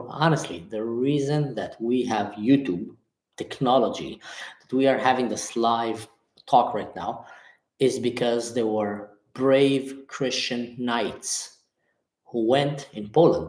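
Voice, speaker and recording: A man's voice: mid-range voice, a little mellow, reverberant. An impassioned man hosting a live talk, reading viewers' comments and answering them emphatically. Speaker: livestream host. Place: Germany.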